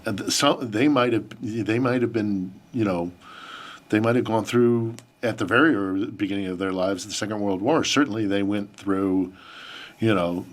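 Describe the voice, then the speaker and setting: A man recalling a personal story in conversation, emotional and reflective as he talks. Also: lowish voice. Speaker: podcast host being interviewed.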